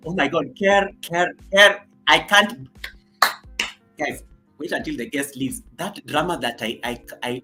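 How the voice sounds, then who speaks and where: A man's voice: medium pitch, bright, forceful tone, low-quality recording. A man hosting a casual livestream, chatty and repetitive, greeting viewers one by one by name. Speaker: livestream host.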